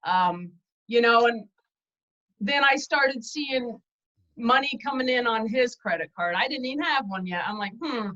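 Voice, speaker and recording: Guest woman, candid and chatty, self-deprecating, higher voice, muffled call audio. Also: lively intonation, measured pace, bright, forceful tone. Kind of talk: casual storytelling interview.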